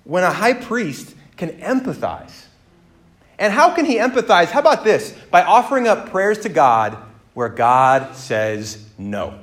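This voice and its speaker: A man preaching a sermon, moving between quiet reflection and loud, emphatic exhortation. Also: high voice, very animated, unhurried.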